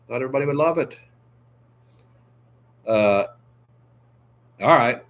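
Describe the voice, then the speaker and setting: A man hosts a livestream in a loose, joking ramble, peppered with "uh" and side remarks. His voice sits at a middle pitch and sounds a little sniffly. A faint hum runs under the voice. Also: expressive, unhurried, a bit bright. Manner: jokey, meandering, full of "uh" and asides. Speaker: livestream host. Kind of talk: casual rambling chat with viewers.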